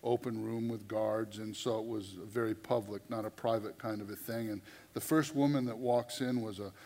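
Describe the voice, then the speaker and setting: Animated male preacher in a reverberant hall. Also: lowish voice, normal speed. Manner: animated, conversational, repeats words. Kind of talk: sermon storytelling. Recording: long reverb of a large hall.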